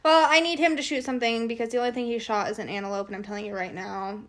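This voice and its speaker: A woman's voice: on the high side, fairly even intonation, racing, a bit bright. A woman co-hosting a casual chat, blunt and teasing her friend. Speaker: podcast co-host.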